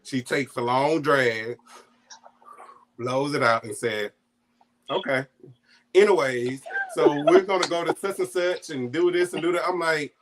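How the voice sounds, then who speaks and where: A man telling a personal family story in a casual, animated way, laughing often and acting out what his family said. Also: high-pitched, normal speed. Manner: acts out quoted family voices. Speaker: guest storyteller.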